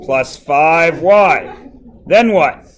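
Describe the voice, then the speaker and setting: Man, math teacher, high voice, slow pace, playful, quizzing a class. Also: expressive. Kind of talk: classroom lesson.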